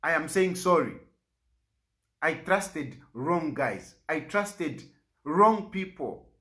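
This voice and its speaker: A middle-aged Zambian man speaks with urgent, pleading force. His pitch climbs and drops widely from phrase to phrase as he presses his point. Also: animated, slow pace, fairly bright tone. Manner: pleading, rises and falls sharply in pitch. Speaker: opposition party leader. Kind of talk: impassioned public statement.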